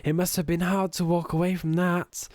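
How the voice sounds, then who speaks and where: A man's voice: high voice, level tone, normal speed, a little mellow. A young man giving joking, sarcastic commentary while playing a video game. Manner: sarcastic, joking, camp asides. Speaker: let's play gamer. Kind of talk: gameplay commentary.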